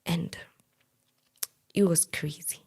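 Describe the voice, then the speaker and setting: A young Kenyan woman telling a personal story in an intense, breathy, half-whispered way. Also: slow pace, mellow.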